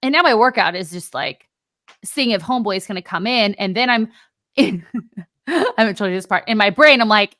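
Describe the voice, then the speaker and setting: A woman co-hosting a podcast, telling a story in a lively, casual way and acting out both sides of an argument. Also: medium pitch, normal speed, pauses often, no echo. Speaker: podcast co-host.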